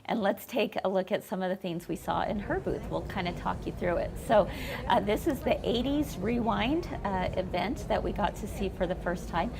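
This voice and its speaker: A woman hosting a casual quilt-shop chat show, telling stories in a chatty, animated way. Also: mid-range voice, normal speed, gravelly, noisy background.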